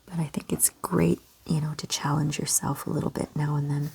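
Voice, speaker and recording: A gentle, encouraging woman from Canada, talking kids through a step-by-step drawing lesson in a soft voice. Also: low voice, level tone, brisk, vocal fry, slight background noise. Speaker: children's art teacher.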